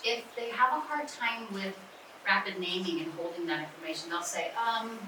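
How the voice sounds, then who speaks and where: A woman trainer talks teachers through reading instruction, leaning on repeated key words. She is picked up from across a hall with heavy echo. A steady hiss sits under her voice. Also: medium pitch, moderate pace. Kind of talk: workshop talk with questions. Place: conference room. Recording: echoey room from far off, noisy.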